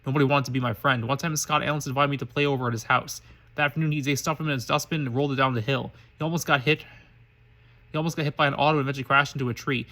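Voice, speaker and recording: A shy, mistreated eleven-year-old boy from a fan story, read by a man in his everyday voice. He tells it quickly, with frequent slips and restarts. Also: mid-range voice, fairly even intonation, bright, forceful tone, lightly acted. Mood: subdued. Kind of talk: reading fan fiction aloud.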